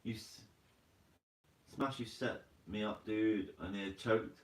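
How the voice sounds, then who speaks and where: A man's voice: fairly low pitch, measured pace. A man hosting a casual live stream, chatting easily with viewers, reading their comments aloud and laughing often. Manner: laid-back, chatty, laughs often, says mate a lot. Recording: roomy sound from a distant mic.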